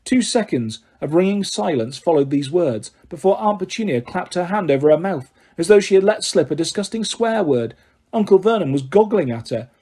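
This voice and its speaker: A man reading a novel aloud in a measured storytelling manner. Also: sits high, lively intonation, dark tone, husky. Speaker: audiobook reader. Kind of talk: novel narration.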